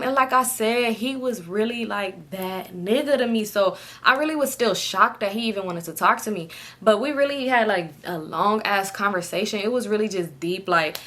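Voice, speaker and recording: A young woman telling a personal story in casual chat, animated, acting out what people said and laughing often. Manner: animated, acts out quotes with pitch jumps, laughs often. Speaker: storytime vlogger.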